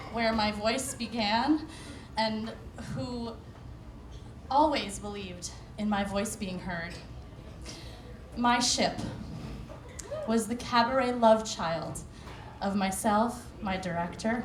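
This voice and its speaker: A woman, a cabaret singer, giving an emotional acceptance speech on stage at an award show and thanking a long list of people. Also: mid-range voice. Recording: echoey hall with background noise.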